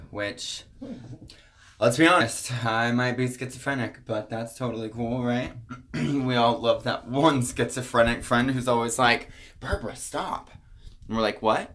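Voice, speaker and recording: A young man vlogging casually, telling a personal story with profane jokes and quick asides. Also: medium pitch, pushed and bright.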